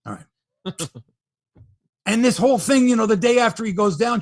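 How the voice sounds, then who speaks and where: A middle-aged man hosts a sports podcast and rants in a lively, profane, opinionated way. His voice is husky and sits fairly high. The sound is dry and close. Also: normal speed, no echo. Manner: animated, profane ranting. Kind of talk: casual sports talk.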